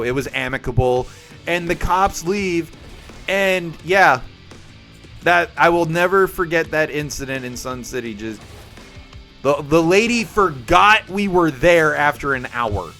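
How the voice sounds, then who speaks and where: A young man hosting a live stream and telling a story to his viewers. His voice is high, bright and bouncy. He acts out the people in his story, and soft music plays in the background. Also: expressive, unhurried. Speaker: livestream host. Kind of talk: casual storytelling chat with viewers.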